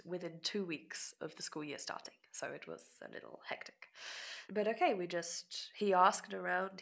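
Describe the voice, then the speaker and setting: A woman guitarist as a guest, candidly recounting a personal story, often laughing at herself and sometimes dropping to a soft murmur. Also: lowish voice, vocal fry. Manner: reflective, frequent self-conscious laughs, drops to soft murmurs.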